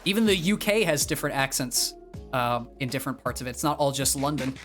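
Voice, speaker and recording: A young man from the northeastern US chats casually on his livestream and drifts from thought to thought. He fills his talk with ums and restarted phrases, at a middling pitch. Soft music plays faintly behind him. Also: lively intonation, fast. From northeastern US, near Boston. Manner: rambling, with many fillers and restarts. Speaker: streamer.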